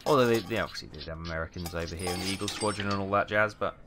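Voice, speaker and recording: A man's voice: deep voice, very fast, background noise. A Welsh man casually chatting and muttering through a simulator game as he plays, with a run of British exclamations. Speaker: gaming video host. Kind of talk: casual let's play commentary.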